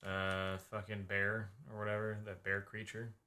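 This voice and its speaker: A man's voice: fairly low pitch, monotone, moderate pace, pushed and bright. A man co-hosting a casual video-reaction chat, rambling and hesitant, often trailing off mid-thought.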